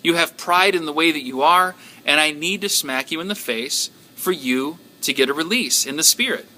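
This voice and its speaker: A pushy kung fu fighter from a dream speaks in a bright, edgy voice, pitched a little above the teller's own, as a man acts him out in a retold story. He talks bluntly and keeps repeating his demand. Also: fairly even intonation, moderate pace, a little hiss or hum. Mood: frustrated. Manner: blunt, insistent repetition.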